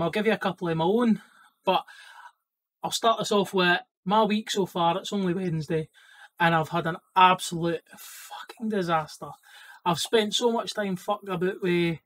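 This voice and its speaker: A man with a Scottish accent, a plumber telling work stories to camera in a casual, sweary, lively way. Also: high voice, poor audio. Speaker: plumber and vlogger.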